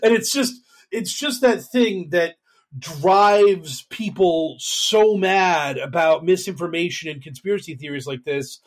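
Rambling man with a slightly high voice. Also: measured pace. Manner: rambling, many fillers, mocking quoted voices. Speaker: podcast co-host. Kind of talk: casual political chat.

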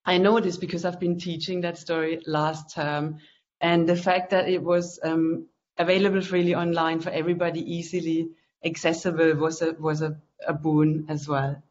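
An author hosting a relaxed online book event, talking loosely with lots of fillers. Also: mid-range voice, moderate pace, a little hiss or hum. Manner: chatty, loose, with frequent fillers. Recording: dull lo-fi call audio.

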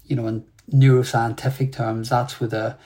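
A man, a podcast guest, telling a candid personal story in an animated, self-mocking way and laughing as he goes. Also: medium pitch, moderate pace.

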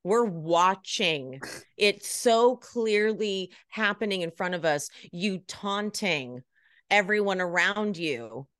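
A woman's voice: medium pitch, expressive, slow pace, fairly bright tone, dry recording. Guest, woman; blunt, exasperated commentary, dry close recording. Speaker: podcast guest. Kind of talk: casual reality TV recap chat.

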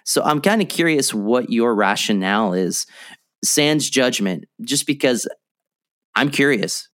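A man's voice: mid-range voice, expressive, unhurried, a bit bright, no room sound, studio quality. A man hosting a podcast, asking long-winded questions and joking with his guest. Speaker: podcast host. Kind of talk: casual interview chat.

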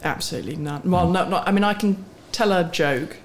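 A woman's voice: fairly low pitch, fairly quick, over a noisy crowd. A middle-aged woman, the guest on a podcast, answering questions in a candid, self-deprecating way with frequent restarts. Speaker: guest, sports series CEO. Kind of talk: casual podcast interview.

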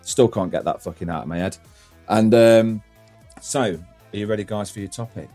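A man's voice: lowish voice, moderate pace, warm tone, faint music behind. A man hosting a casual podcast, rambling through stories, swearing freely and laughing often. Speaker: podcast host.

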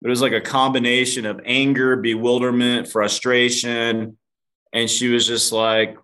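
Guesting on a podcast, a man tells his own story a little slowly, his mid-range voice level and sharp in tone. He's candid and self-deprecating, curses casually, and refers to the host as "dude."

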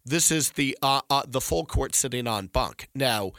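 Man, middle-aged, gravelly voice, emphatic legal commentary, frequent restarts, dry recording. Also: medium pitch, expressive, unhurried, pushed and bright, dry recording. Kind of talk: conversational legal analysis.

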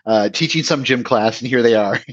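A man's voice: medium pitch, a little fast, no echo. A man hosting a podcast in casual chat, rambling and swearing, often restarting his sentences. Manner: rambling, profane, trails off and restarts. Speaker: podcast host. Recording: dry, dull lo-fi remote mic.

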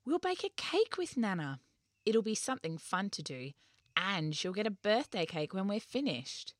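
A woman voicing an eager, excited young girl in a storybook reading. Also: medium pitch, no echo, clean studio sound, pitched above the performer's own voice, lightly acted. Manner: eager, quick to plan.

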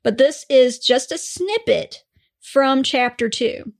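A woman's voice: sits high, expressive, slow, creaky. A woman co-hosting a podcast in a chatty, rambling way, swearing freely. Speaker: podcast co-host. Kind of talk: casual chat.

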